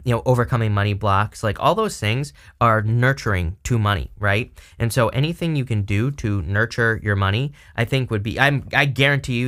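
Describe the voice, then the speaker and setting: Reading tarot on his own channel, a man with a lowish, fairly bright voice wanders conversationally through the cards and makes side comments to his viewers.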